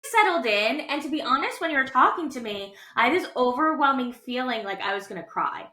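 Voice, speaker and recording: A woman with a bright, sharp voice chats on a podcast, hesitant and filler-heavy. Her speech sits a little high, and the room around her echoes. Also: lively intonation, fairly quick. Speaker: podcast co-host. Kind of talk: casual conversation.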